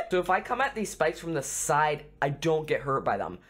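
A man giving excitable let's play commentary on a video game, screaming and making silly sound effects. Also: a little high, normal speed. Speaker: gaming YouTuber.

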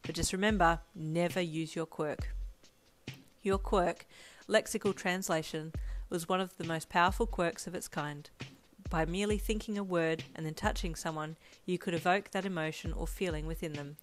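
Brief: calm female fanfic narrator, lowish voice, soft lo-fi beat underneath. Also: normal speed, soft background music. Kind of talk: second-person fanfiction narration. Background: faint lo-fi drum loop.

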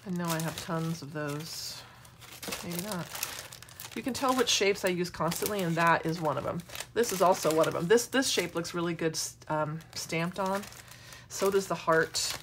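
Chatty craft lady showing her stuff at the desk, lowish voice, faint hiss behind. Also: moderate pace. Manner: chatty, rambling asides while working. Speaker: craft demo host. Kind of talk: casual craft tutorial.

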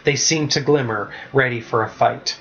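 Male author narrating his book, steady and even, mid-pitch, muffled lo-fi sound. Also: moderate pace, gravelly, a little hiss or hum. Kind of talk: storybook narration. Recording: muffled lo-fi recording.

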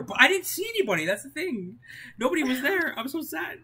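A high-pitched, slightly rough-voiced woman streams a game while chatting casually at a quick pace. She's excitable and laughs a lot, swinging between moping and yelling.

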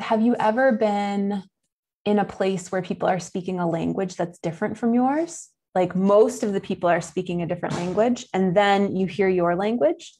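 A woman's voice: mid-range voice, darkish tone. A young adult woman with a Buffalo, New York accent, giving an enthusiastic, chatty nature lesson for kids. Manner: enthusiastic, chatty, with fillers and laughs. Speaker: nature educator.

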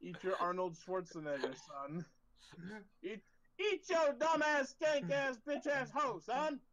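A man's voice: extremely high pitch, very animated, measured pace, lo-fi sound, crowd noise. A man reading cards aloud in a card game with friends, playful and joking. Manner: playful, reads cards in a silly voice. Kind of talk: casual game chat.

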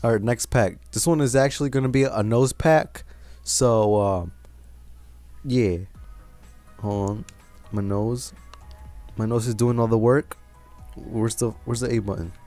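A man's voice: medium pitch, measured pace, pauses often, dark tone, soft background music. A man hosting a gaming channel, giving casual commentary, frustrated and swearing as he grumbles about bad luck.

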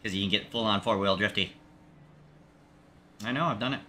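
A man streaming a racing game, chatting casually with halting, rambling restarts and a joking manner. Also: lowish voice, bright, forceful tone, slight background noise. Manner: jokey, talks to himself and chat. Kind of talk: casual gameplay commentary.

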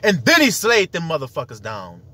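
A man's voice: on the high side, wildly swooping pitch, normal speed, pushed and bright. A man preaching in a casual, profane monologue, citing scripture in slangy street talk and laughing as he acts out what others say. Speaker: self-styled preacher.

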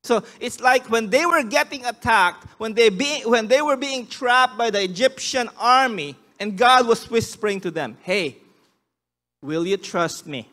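Very high-voiced male pastor preaching. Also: normal speed, few pauses, pushed and bright. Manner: emphatic preaching, acting out quoted voices; frequent restarts. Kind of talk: sermon.

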